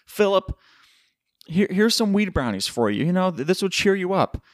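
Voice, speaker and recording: A man's voice: high voice, big pitch swings, moderate pace, no echo, studio quality, pitched above the performer's own voice. A man doing a sweet, kindly coworker lady. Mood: consoling.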